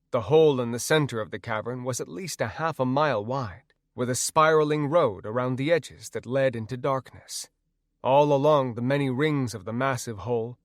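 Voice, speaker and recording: A man narrating a first-person audiobook in a measured, even storytelling manner. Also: medium pitch, no echo, clean studio sound.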